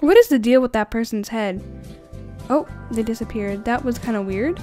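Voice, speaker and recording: A woman giving casual, giggly, excitable commentary while playing a video game, often laughing at herself. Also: a little high, normal speed, faint music behind. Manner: giggly, excitable, self-deprecating. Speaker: gaming YouTuber.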